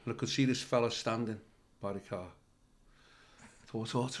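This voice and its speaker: An older man, a comedian telling stories in an interview, animated and swearing freely as he acts out the people in them. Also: medium pitch, moderate pace, pauses often, slight background noise. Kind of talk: anecdotal interview storytelling.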